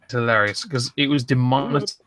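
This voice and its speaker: A man hosting a casual livestream chat, rambling and swearing in quick bursts. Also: medium pitch, pushed and bright, no room sound. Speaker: livestream host.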